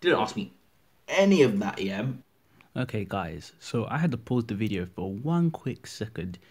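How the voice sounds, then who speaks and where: A man's voice: lowish voice, very animated, moderate pace. An eighteen-year-old man chatting casually to camera, rambling and full of fillers. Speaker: vlogger. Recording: music playing loudly behind.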